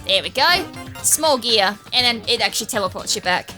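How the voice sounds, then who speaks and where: A woman's voice: fairly high pitch, animated, normal speed, bright, forceful tone, faint music behind. A woman, chatting through a video game playthrough in a rambling, self-correcting way. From Australia. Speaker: gaming streamer. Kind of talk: let's-play commentary.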